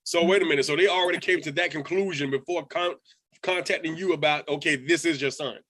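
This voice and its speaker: A man's voice: a little high, quick pace, a bit bright. A man hosting a podcast interview, reacting emphatically and asking pointed questions. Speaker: podcast host. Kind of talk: interview and channel promo.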